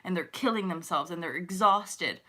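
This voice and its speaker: A woman's voice: lowish voice, normal speed, bright, forceful tone. A woman hosting a spiritual livestream, chatting casually with viewers, swearing freely and laughing often. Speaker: spiritual coach and livestream host. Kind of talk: casual livestream chat reading comments.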